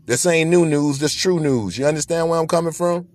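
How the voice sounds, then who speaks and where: This podcast host's voice sits on the high side and is a little mellow, and he talks a bit fast. His motivational monologue is emphatic and preachy, circling back to repeat the same points.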